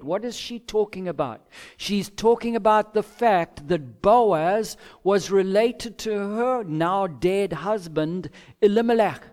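A man preaching an expository sermon, measured, with emphatic pauses and acted-out quotes. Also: high voice, darkish tone. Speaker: pastor.

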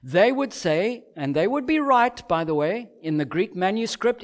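A man's voice: high-pitched, expressive, normal speed, hardly any pauses. A man preaching a sermon, emphatic and driving his points home with rhetorical questions.

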